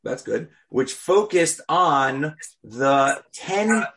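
Gravelly-voiced man teaching a prayer class. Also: a little high, sing-song, very noisy. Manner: deliberate, stresses key words. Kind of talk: religious class lecture.

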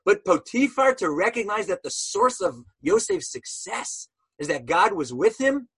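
A man's voice: high-pitched, big pitch swings, a little slow, a bit bright, husky. A man teaching a Torah lesson as a sermon, telling stories animatedly and asking rhetorical questions.

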